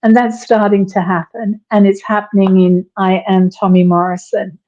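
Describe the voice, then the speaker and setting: A woman guest in an interview, reminiscing in a relaxed conversational way and telling stories with quoted lines. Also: medium pitch, normal speed, highs cut off.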